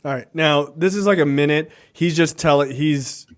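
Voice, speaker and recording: A man's voice: fairly high pitch, normal speed. A man co-hosting a podcast in casual chat, easygoing and adding context. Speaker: podcast co-host.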